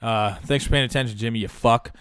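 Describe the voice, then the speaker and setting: A man's voice: medium pitch, brisk, a bit bright, smooth, no room sound, clean studio sound. A young man hosting a podcast, telling a long profane story in a loose, rambling way with lots of filler words. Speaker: podcast host. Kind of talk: casual storytelling.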